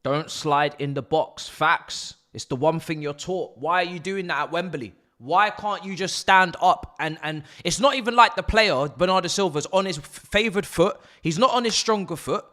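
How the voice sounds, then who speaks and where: A young man reacting live to a football match, excitable and prone to swearing and shouting at players. His voice sits a little high and comes across bright and sharp. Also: moderate pace, hardly any pauses. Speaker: live stream host. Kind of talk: live football watch-along commentary.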